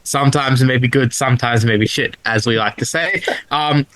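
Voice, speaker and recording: A man's voice: mid-range voice, brisk, a bit bright, dry recording, rough recording. A man on a podcast panel, giggly and playful in casual banter.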